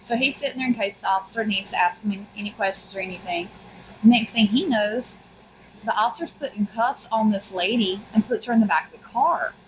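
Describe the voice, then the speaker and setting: A woman's voice: mid-range voice, brisk, a little hiss or hum, poor audio. A young adult woman co-hosting a podcast, telling a detailed story in casual chat and laughing often. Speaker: podcast co-host.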